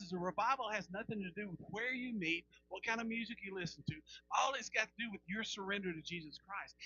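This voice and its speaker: A high-pitched man with a piercingly bright, forceful tone preaches in his fifties. He tells homespun stories, then drops to hushed near-whispers. The recording sounds dull and lo-fi. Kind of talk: sermon.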